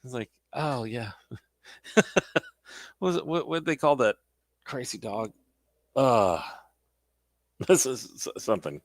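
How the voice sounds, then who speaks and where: A man's voice: mid-range voice, big pitch swings, unhurried, long pauses, dry recording, studio quality. A young man who laughs often and acts out movie scenes while chatting casually as a podcast co-host. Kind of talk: casual chat about movies.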